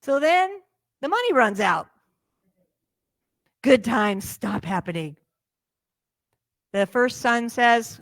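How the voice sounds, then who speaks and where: A woman minister preaching a sermon, telling a parable in a lively way and acting out its characters' lines. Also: medium pitch, measured pace, pauses often, no echo. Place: church sanctuary.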